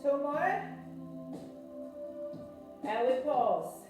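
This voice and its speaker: A woman's voice: high voice, big pitch swings, very slow, very echoey, far from the mic, over music, low-quality recording. Breathless woman coaching a home workout. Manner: encouraging, counting reps, puffing while exercising. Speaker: fitness instructor.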